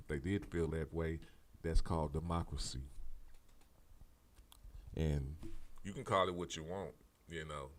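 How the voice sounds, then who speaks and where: A man's voice: deep voice, a bit bright. A man hosting a political commentary show, talking straight to his audience in a fired-up, preachy way, repeating his points, swearing casually and restarting his sentences often. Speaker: show host.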